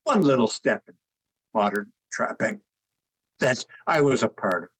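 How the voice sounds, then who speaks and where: An older man being interviewed about his book and artwork, telling relaxed anecdotes and chuckling at his own jokes. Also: medium pitch, measured pace, husky, low-quality recording. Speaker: author and artist guest. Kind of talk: conversational interview storytelling.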